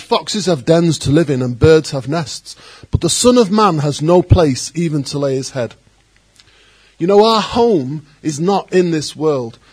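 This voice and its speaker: A man preaching a sermon as pastor, animated, acting out quoted voices and adding joking asides. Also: fairly high pitch, slightly rough.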